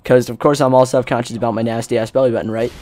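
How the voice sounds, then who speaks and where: A man's voice: mid-range voice, steady tone, fast talker, darkish tone. A teenage boy telling a long story while commenting on gameplay, rambling with lots of fillers. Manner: rambling, filler-heavy, acts out quotes. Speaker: gaming commentator. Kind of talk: casual storytelling over gameplay.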